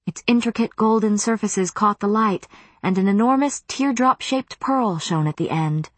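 A woman reading an audiobook in measured scripted narration. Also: lowish voice, dry recording.

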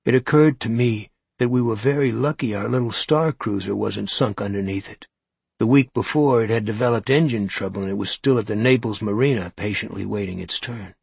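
Low husky male audiobook narrator. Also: fairly quick, darkish tone, dry recording. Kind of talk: scripted first-person narration.

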